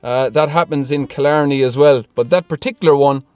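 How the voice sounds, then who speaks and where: A man's voice: on the high side, a little fast, a little mellow. A man answering viewer questions in a casual vlog, chatty and laughing often between remarks. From Ireland. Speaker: car vlogger. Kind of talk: casual Q&A vlog, reading comments.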